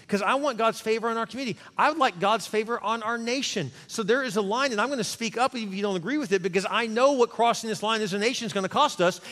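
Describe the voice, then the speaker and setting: A man preaching a sermon as pastor, animated and conversational, acting out little quoted voices. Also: high voice. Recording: long reverb of a large hall.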